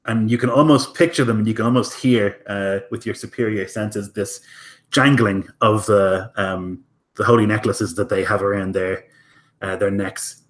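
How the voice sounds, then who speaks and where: A man's voice: lowish voice, steady tone, moderate pace. Casual game-master man, full of fillers. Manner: casual, many fillers, profane. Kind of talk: improvised tabletop narration.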